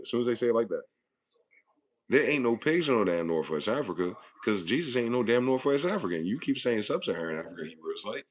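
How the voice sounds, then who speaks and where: A man's voice: on the low side, breathy edge. A man hosting a profane, aggressive monologue, hectoring his listeners with rhetorical questions. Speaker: channel host. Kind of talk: ranting monologue.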